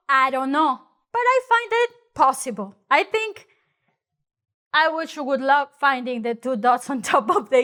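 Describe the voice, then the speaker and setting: A woman from Mexico with a Mexican accent, giving a chatty, informal Spanish lesson in English and acting out examples along the way. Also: sits high. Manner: chatty, animated, acts out mocking exaggerated voices. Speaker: Spanish teacher. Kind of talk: casual spoken lesson.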